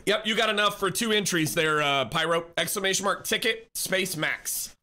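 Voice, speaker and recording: High, bright-voiced male streamer. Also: moderate pace. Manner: chatty, teasing, laughs often; reads chat aloud and greets viewers. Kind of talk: casual live-stream chat.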